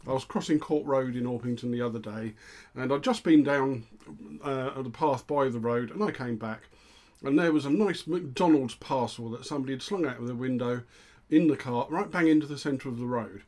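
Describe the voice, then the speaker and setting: A man's voice: medium pitch, moderate pace, darkish tone. A middle-aged man co-hosting a local podcast, dry and self-deprecating in his jokes. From England. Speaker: co-host. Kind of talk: casual chat.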